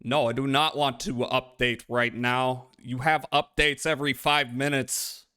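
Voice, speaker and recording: A man's voice: medium pitch, fairly even intonation, unhurried, pushed and bright, clear, resonant tone. A man live-streaming a game, chatting casually with his viewers in a rambling, profane way. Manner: rambling and profane, talks to chat.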